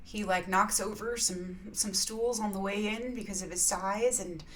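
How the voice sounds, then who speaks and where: This is a woman's casual vlog on spiritual reflections, delivered at normal speed in a medium-pitched, steady, fairly bright voice. She rambles, laughs often and leans on many filler "yeahs," with a little hiss or hum in the background.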